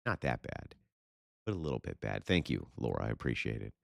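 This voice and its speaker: A man's voice: very deep voice, sing-song, brisk, gravelly, no echo, studio quality. A man hosting a livestream and reading super chats in a blunt, profane, sarcastic way. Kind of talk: casual livestream chat.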